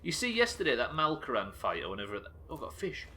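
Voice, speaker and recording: A man streaming a game live, talking excitably, swearing often and thanking viewers as he plays. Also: medium pitch, fast, noisy background. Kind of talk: live gameplay commentary.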